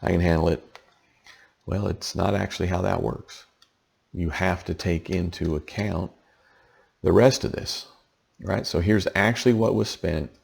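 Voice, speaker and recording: A man with a very low, gravelly voice walks through a tax lesson in a loose, conversational way. He sounds tired from the late hour. He keeps pausing to ask "okay?" as he explains. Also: steady tone. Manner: conversational, checks in with frequent "okay?". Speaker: tax educator.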